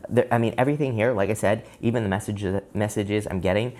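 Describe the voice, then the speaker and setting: A man giving a casual tarot reading to camera, talking in a loose, chatty way full of fillers, his voice jumping up in pitch now and then. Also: steady tone, fast, a little mellow. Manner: chatty and loose, many fillers and sudden upward pitch jumps. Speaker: tarot reader.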